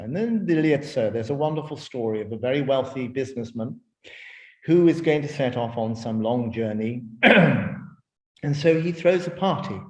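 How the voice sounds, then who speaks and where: A man giving a webinar talk, explaining in a measured way and telling stories, with frequent restarts. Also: medium pitch, darkish tone, roomy sound. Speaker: speaker in a webinar. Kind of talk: lecture with storytelling.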